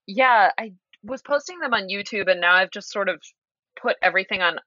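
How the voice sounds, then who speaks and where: A woman's voice: mid-range voice, expressive, brisk, pushed and bright, no echo, dull audio. A woman guesting on a podcast, telling stories emphatically and laughing often. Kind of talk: casual chat.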